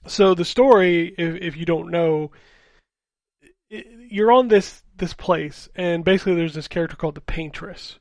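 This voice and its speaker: A man's voice: a little high, normal speed, darkish tone, no room sound. A man co-hosting a casual gaming podcast, talking loosely and swearing as he explains game stories. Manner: casual, profane, explains plots plainly. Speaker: podcast co-host.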